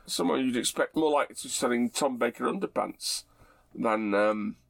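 A middle-aged man, talking in an easy, wry, unhurried way. His voice has a gravelly fry to it. The sound is close and dry. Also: medium pitch, dry recording. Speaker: podcast co-host. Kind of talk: casual chat.

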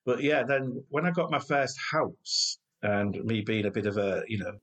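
A man's voice: medium pitch, animated, moderate pace, fairly bright tone, a little hiss or hum. A man, telling family stories in a chatty way as a co-host. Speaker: podcast co-host. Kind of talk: casual chat.

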